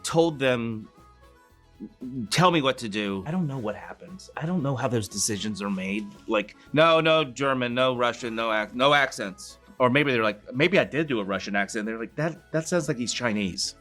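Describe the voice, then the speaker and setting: A man answering in an interview clip, stumbling over his own words and making fun of himself. His pitch jumps around a lot, and the voice is bright and forceful. He sounds unsure and wry, as if thinking it through out loud. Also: lively intonation, faint music behind. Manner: halting, self-deprecating, stammers. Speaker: interviewed actor.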